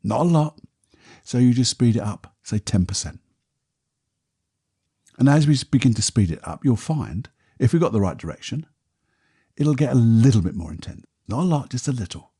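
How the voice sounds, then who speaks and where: A man, a podcast host and therapist, talking a listener calmly through a guided exercise in a soft, unhurried voice. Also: medium pitch, breathy edge. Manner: calm, soft, unhurried guiding voice.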